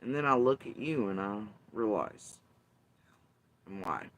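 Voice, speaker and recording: A man's voice: fairly low pitch, animated, unhurried, fairly bright tone, a little hiss or hum. A man hosting his channel, delivering bitter, profane, emphatic commentary in an angry rant. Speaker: channel host.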